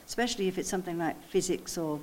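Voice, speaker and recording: A woman's voice: lowish voice, very fast, darkish tone, slight background noise. A woman preaching a sermon, reflective and explanatory, stressing key words through repetition. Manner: reflective, explains word meanings with emphatic repetition.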